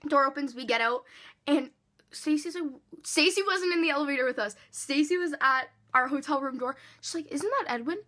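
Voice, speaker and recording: Woman vlogger, high bright voice, animated storytime full of swearing. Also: brisk. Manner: animated, swearing, acts out quotes. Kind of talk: storytime vlog.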